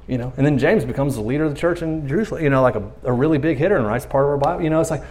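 A man's voice: mid-range voice, very fast, a little mellow. A man preaching a casual, conversational sermon, telling stories animatedly and acting out quoted lines in playful voices. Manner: conversational fillers like "you know what I mean". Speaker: pastor.

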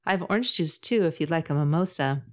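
A woman voicing a gracious, lighthearted woman who speaks a bit quickly and brightly. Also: low-pitched, lightly acted. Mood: kind.

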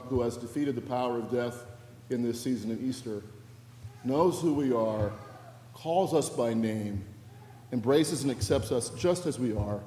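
A man's voice: mid-range voice, warm tone, a little hiss or hum. A middle-aged man, a pastor, preaching a sermon in a reflective, personal storytelling way in a church. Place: church sanctuary. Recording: echoey church hall with faint ambience.

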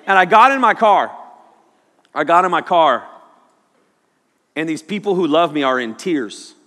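A man preaching a sermon, telling a personal story in an animated way and sometimes shouting quoted lines. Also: fairly high pitch, moderate pace, long pauses. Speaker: pastor. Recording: long hall reverb.

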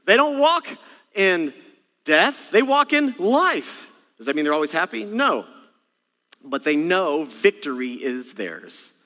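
A man preaching a Christmas Eve sermon, his voice pitched high and ringing bright. He moves with animation from scripture to playful asides, and his words trail off into a long church hall reverb. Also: takes it slowly. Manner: animated preaching, acts out parent and child exchanges. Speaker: senior pastor. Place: church sanctuary.

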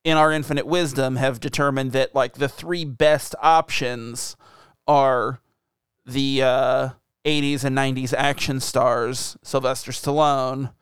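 A man's voice: medium pitch, steady tone, unhurried, fairly bright tone, clean tone, dry recording, clean studio sound. A man co-hosting a casual podcast, teasing his co-host and steering the conversation. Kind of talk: casual chat.

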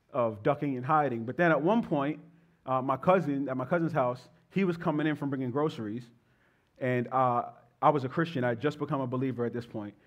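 A man in his thirties, a pastor leading prayer and then telling stories to his congregation in an animated, conversational way. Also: medium pitch, muffled recording. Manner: animated, conversational preaching with playful asides to the congregation. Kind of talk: sermon with prayer and storytelling.

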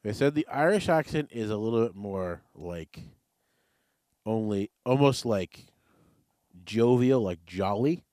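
A man's voice: lowish voice, expressive, measured pace, pauses often, warm tone, no room sound. A man hosting a podcast in casual chat, rambling and offhand with jokes. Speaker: podcast host.

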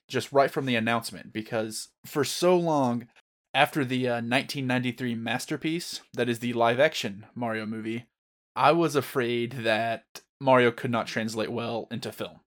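A man co-hosting a podcast who talks earnestly and at a measured pace. His voice has an ordinary middle pitch, and he comes across as a longtime fan. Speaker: podcast co-host. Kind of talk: casual movie review chat.

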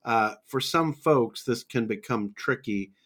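A man's voice: mid-range voice, measured pace, a bit bright. A man teaching on a Bible podcast, methodical and conversational, laying out points one by one with scripture references.

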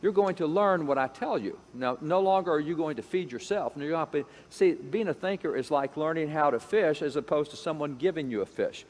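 A man delivering an emphatic lecture, building his points through repetition and briefly acting out the voices he quotes. His voice sits a touch high for a man. It rings out with a long reverb, as if in a large hall. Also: a little fast, few pauses. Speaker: speaker on education history. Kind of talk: lecture-style talk.

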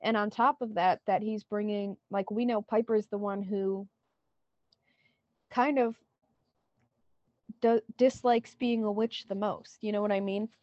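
Woman, podcast co-host, warm mellow tone, dry slightly dull audio, chatty scene recap. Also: medium pitch, fairly even intonation, a little slow, long pauses, dry recording. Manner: retells scenes with many "like" quotes. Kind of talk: casual recap chat.

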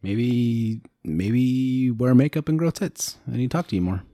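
Man, lively high-ish voice, teasing co-host, dry recording. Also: unhurried, no room sound. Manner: teasing, laughs often. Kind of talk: casual chat.

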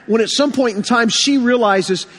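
Man, pastor, earnest sermon, husky, recovering from illness, long reverb. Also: very high-pitched, moderate pace, a bit bright. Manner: earnest preaching with stories and repeated phrases.

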